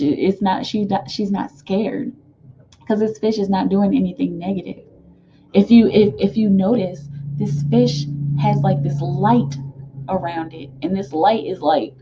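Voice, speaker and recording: A woman giving a casual tarot card reading, rambling and animated, with many fillers and laughs. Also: medium pitch, a little slow, lo-fi sound, slight background noise.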